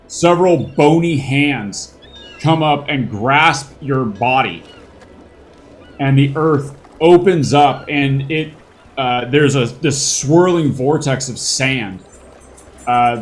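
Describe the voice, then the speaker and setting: Male game master, slow rambling narration, fillers and swearing, middle pitch. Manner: rambling, with many fillers and crude words.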